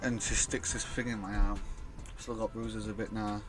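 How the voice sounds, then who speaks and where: A man's voice: fairly low pitch, little pitch movement, moderate pace, music in the background. A young man telling a personal story in a casual, rambling way, swearing often and acting out what others said. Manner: rambling, swears a lot, acts out quoted dialogue. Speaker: vlogger.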